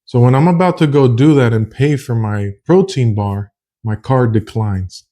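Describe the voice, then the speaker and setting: Earnest man with a mellow voice. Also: mid-range voice, normal speed. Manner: earnest, rambling, repeats phrases. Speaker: vlogger sharing a faith testimony. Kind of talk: casual personal testimony.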